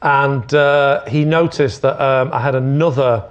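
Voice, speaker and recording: A man's voice: mid-range voice, measured pace. A man on a comedy panel, rambling and chuckling through a funny story. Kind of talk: comic anecdote. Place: TV studio with live audience. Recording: muffled stage recording with loud audience.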